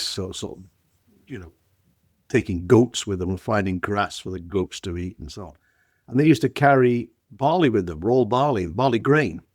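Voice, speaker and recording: An older man from Wigan with a Northern English accent, a guest on a podcast, telling stories in a chatty way that often trails off quietly and restarts. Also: lowish voice, dry recording, clean studio sound. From Wigan, England. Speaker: guest brewing scientist. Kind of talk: casual podcast conversation.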